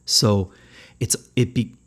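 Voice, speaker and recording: A man's voice: takes it slowly, fairly bright tone. A man giving a reflective spiritual teaching talk as a podcast host, thoughtful and conversational, often searching for words.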